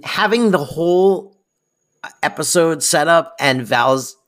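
A man's voice: medium pitch, fairly bright tone. A man co-hosting a podcast, rambling and correcting himself as he gives enthusiastic takes on a sitcom. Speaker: podcast co-host. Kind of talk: casual chat reviewing a sitcom episode.

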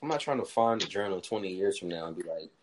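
A young man in casual chat, telling slangy stories and jumping into high voices to quote people. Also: lively intonation, fast, a little hiss or hum. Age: young adult.

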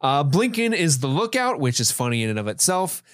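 A man's voice: on the high side, very animated, brisk, no echo, clean studio sound. A man co-hosting a podcast, casually recapping comedy scenes and laughing along. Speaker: podcast co-host. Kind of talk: casual film review chat.

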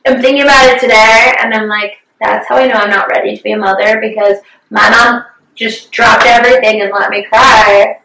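A woman's voice: fairly high pitch, steady tone, moderate pace, vocal fry, bright, forceful tone, slight background noise. A young woman in her twenties chatting casually, telling an emotional story candidly and swearing freely. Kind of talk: casual chat. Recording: roomy, distant from mic.

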